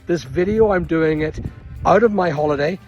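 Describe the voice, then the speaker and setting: A man's voice: a little high, normal speed, a little mellow, dull audio, soft background music. A middle-aged man from Northern Ireland with a Northern Irish accent, an online seller venting indignantly to camera about rising costs. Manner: exasperated, indignant, repetitive. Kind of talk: angry rant to camera.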